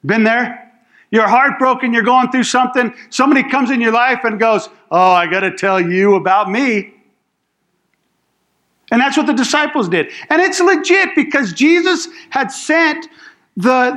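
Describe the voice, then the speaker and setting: A man's voice: very high voice, a bit bright. A man preaching a sermon as a pastor, telling the story casually with slang and acting out what people say. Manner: acts out quoted speech in the story.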